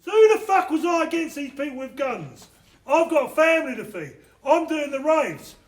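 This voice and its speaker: Blunt, high-voiced man swearing. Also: moderate pace. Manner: heavy swearing, blunt and animated. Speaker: interviewee, former doorman. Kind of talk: casual interview storytelling. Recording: echoey room.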